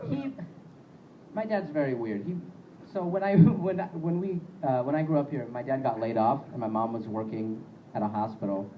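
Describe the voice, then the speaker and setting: A man's voice: mid-range voice, lo-fi sound, slight background noise. A young man doing stand-up comedy on a club stage, rambling and self-deprecating, with plenty of fillers.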